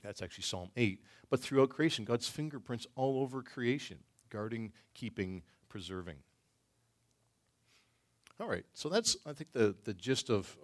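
Halting, thoughtful male Bible class teacher. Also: lowish voice. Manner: thoughtful, halting, with frequent ums and restarts. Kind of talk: teaching a church class with discussion.

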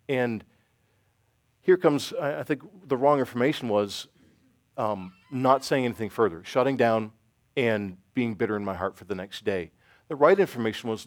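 Halting, self-deprecating male church teacher. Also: medium pitch, animated, dry recording, clean studio sound. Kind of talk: informal sermon with Q&A.

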